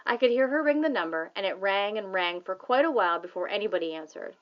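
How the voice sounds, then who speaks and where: A woman narrating a children's novel as an audiobook reader, in a plain, steady manner. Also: mid-range voice, fast talker. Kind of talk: scripted narration. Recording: slightly dull audio.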